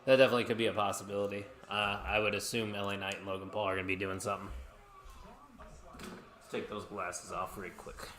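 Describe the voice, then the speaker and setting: A man's voice: fairly low pitch, flat delivery, a little fast, a bit bright. A man co-hosting a live watch-along stream, chatting casually and reacting to the action while reading viewer comments.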